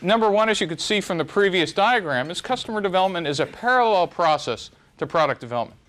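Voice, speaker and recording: A middle-aged man delivers a live lecture in a rather high voice. He is wry and self-deprecating, and his pitch jumps up and down as he makes his points. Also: lively intonation, fast talker, fairly bright tone. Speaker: speaker giving a startup talk.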